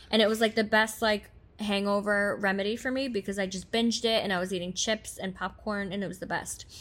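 A woman's voice: a little high, sharp tone. A woman in her thirties co-hosting a podcast, chatting casually and bluntly, giggly and crude. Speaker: podcast co-host. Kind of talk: casual gossip chat.

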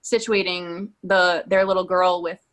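A woman's voice: fairly low pitch, little pitch movement, measured pace, a bit bright. A woman guest candidly telling a personal story in an interview, talking conversationally. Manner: candid, conversational, many "like" fillers.

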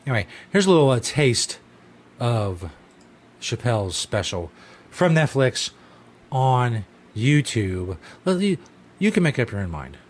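A man hosting a podcast who rants loosely and swears often. His voice sits at an ordinary pitch, and his commentary stays casual and offhand. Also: sing-song, unhurried. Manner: profane, ranting commentary. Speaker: podcast host.

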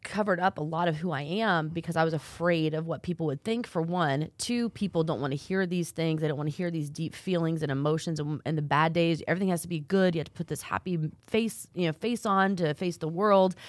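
Stammering woman podcast host, low voice. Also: dry recording. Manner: emotional, stammers and repeats words. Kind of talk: casual podcast conversation. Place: podcast studio.

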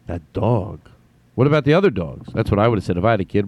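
A man hosting his own podcast, telling a rambling, self-deprecating comic story with halting restarts. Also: on the low side, lively intonation, darkish tone, no echo. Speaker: podcast host.

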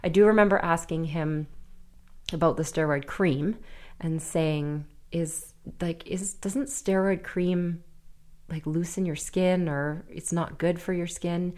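A woman in her thirties, a podcast guest telling an emotional personal story in an earnest, halting way with nervous laughs. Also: fairly low pitch, steady tone, a little mellow.

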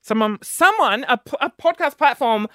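A man hosting his own podcast in casual solo chat, rambling and self-mocking with quick asides and audible sniffing between phrases. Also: very high voice, animated, a bit bright, no room sound, studio quality. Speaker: podcast host.

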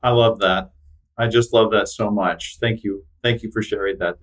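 A man hosting a podcast interview, speaking softly and appreciatively to his guest. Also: on the low side, fairly even intonation, normal speed. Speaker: podcast host. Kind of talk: interview wrap-up.

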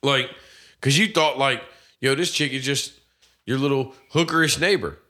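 Man, co-host on a casual movie podcast, bright edge to the voice, heavy swearing, animated. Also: medium pitch, normal speed. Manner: animated, swears constantly, acts out quoted characters. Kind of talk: casual profane chat.

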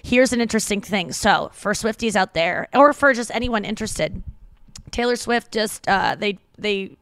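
A woman hosting a podcast in casual chat, rambling and excitable, with crude jokes and easy laughs, on a close microphone. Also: mid-range voice, normal speed, no room sound. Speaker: podcast host.

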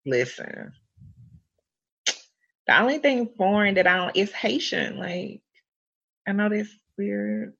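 Lively young woman, slightly husky, lo-fi. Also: mid-range voice, takes it slowly, pauses often. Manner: animated, laughing asides and playful exaggeration. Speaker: podcast co-host. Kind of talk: casual chat. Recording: dull lo-fi sound.

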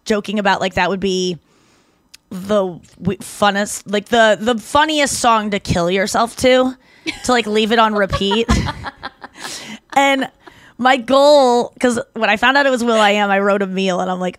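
A Canadian woman co-hosting a podcast, telling stories in casual chat with lots of "like" and quick self-corrections. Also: mid-range voice, dry recording. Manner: chatty storytelling, heavy use of "like", quick self-corrections. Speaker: podcast co-host.

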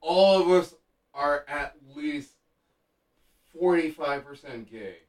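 A man visiting a radio studio, ribbing the host in a brash, gruff manner. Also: a little high, expressive, slow pace, far from the mic. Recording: roomy, off-mic in studio.

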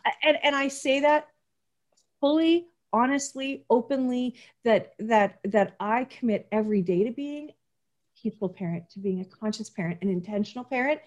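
A woman's voice: on the high side, moderate pace. A woman speaking as a parenting guest in a casual interview, earnest and emphatic, often restarting her sentences.

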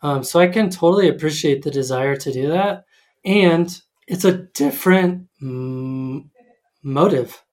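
A man's voice: a little high, measured pace, darkish tone. A man in casual conversation, talking hesitantly with many ums and restarts. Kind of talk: casual chat.

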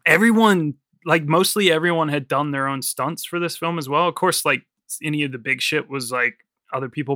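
Bright-voiced man chatting on a podcast. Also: mid-range voice, dry recording, clean studio sound. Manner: swearing, laughs often, tells production trivia. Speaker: podcast co-host. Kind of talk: casual film podcast chat.

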